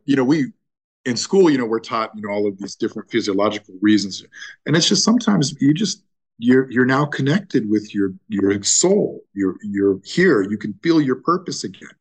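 A man's voice: mid-range voice, husky. A man who is a chiropractor, speaking as a podcast guest in a casual conversation, emphatic and passionate, often repeating words as he builds a point.

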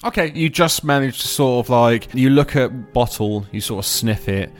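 A man's voice: medium pitch, animated, moderate pace, faint music behind. Giggly man running a tabletop game. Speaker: game master.

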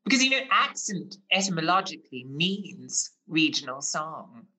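A man's voice: on the high side, very animated, moderate pace, pushed and bright, low-quality recording. A man hosting a chat show, flamboyant and fond of ornate, elaborate words. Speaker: host. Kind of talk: casual chat.

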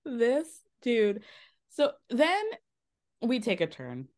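A woman's voice: on the high side, slow. A woman hosting a podcast, recapping a reality show in casual chat, acting out quotes with lots of swearing. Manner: animated, swearing, acts out quotes. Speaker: podcast host.

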